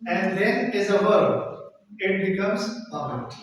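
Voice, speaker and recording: A higher-voiced man lectures at a measured, unhurried pace, pausing to repeat key words for his class. He is picked up from across an echoey classroom, with a faint hum of room noise underneath. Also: expressive, recorded from a distance. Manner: slow explaining, repeats key words for students. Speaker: linguistics lecturer.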